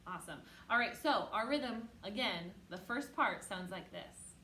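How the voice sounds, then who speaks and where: A patient, encouraging woman teaches an online music lesson to young children, loudly chanting rhythm syllables for them to copy. Her mid-range voice has lively intonation and a measured pace, and the recording is reverberant.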